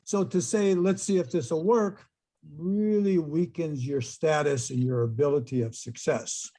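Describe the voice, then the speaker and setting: A middle-aged man with a husky, slightly breathy voice that sits a little high for a man. He recounts his experiences as a hypnotist to an online audience, slipping into the voices of the people he quotes. It sounds like he's talking into a computer mic on a video call. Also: unhurried, low-quality recording. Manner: animated storyteller who acts out quoted voices. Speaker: hypnotist giving an online talk. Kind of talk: storytelling presentation to a live online audience.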